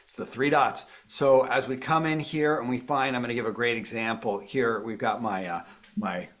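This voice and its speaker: A man's voice: mid-range voice, steady tone, normal speed, a bit bright. A man presenting a live phone tutorial, walking viewers through each step in an upbeat, explanatory way. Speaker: tech presenter.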